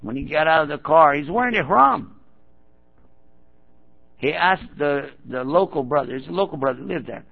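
A man's voice: on the high side, lively intonation, moderate pace, vocal fry, pauses often. A man preaching to an audience, telling a story and acting out the people in it, now and then prodding the listeners directly. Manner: acts out quoted speakers in his stories; addresses the audience directly and prods them. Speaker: Muslim preacher. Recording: tinny phone-like recording.

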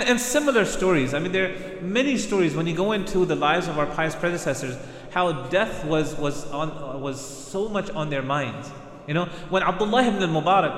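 A man's voice: fairly high pitch, fairly bright tone. A man preaching a sermon, retelling stories earnestly, with frequent restarts and recited Arabic phrases. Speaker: Islamic preacher. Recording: echoey hall with long reverb.

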